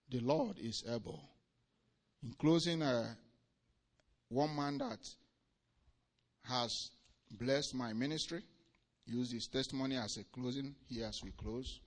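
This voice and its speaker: A male preacher delivering a sermon with emphatic swings between loud declarations and quiet asides. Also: mid-range voice, slow pace, long pauses.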